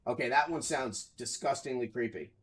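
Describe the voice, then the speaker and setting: Streaming a video game from home, a man chats casually with his viewers, getting excitable, swearing freely, and breaking into loud outcries. He speaks at normal speed with a medium pitch.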